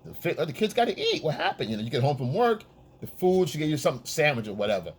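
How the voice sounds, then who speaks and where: Man, husky voice, coaching, casual monologue, blunt, swears, keeps asking "okay?". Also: a little high, very animated, fast talker. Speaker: men's dating coach.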